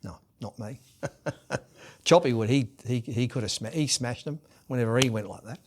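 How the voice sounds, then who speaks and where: A middle-aged man with an Australian accent, a guest in a podcast interview, telling lively stories and loudly acting out the voices of people he quotes. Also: mid-range voice, moderate pace, a little hiss or hum. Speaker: guest, former rugby league captain and coach. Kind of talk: animated storytelling in a podcast interview.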